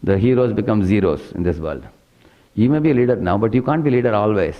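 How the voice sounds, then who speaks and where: A serene ascetic sage explains things to a king in a low, steady voice, as a male preacher speaks his part. The recording is muffled and lo-fi. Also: fast talker, close to an everyday voice. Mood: calm. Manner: calm, patient teaching.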